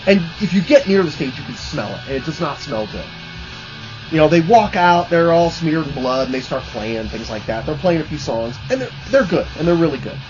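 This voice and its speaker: A man's voice: fairly high pitch, big pitch swings, brisk, muffled recording, over music. A man hosting his own channel, telling rambling, profane stories in a casual way with lots of fillers.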